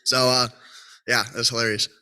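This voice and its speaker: A man's voice: medium pitch, little pitch movement, moderate pace, pushed and bright, clear, resonant tone. Wry young man at a memorial. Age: young adult. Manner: wry, casual, hesitant. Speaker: speaker at a memorial. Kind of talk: storytelling at a memorial gathering.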